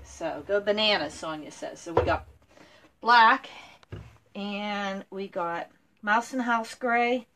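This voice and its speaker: A woman's voice: medium pitch, takes it slowly, background noise. Chatty woman, furniture-painting vlog. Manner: chatty, lots of ums, talks to her dog. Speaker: furniture makeover vlogger. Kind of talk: casual how-to chat.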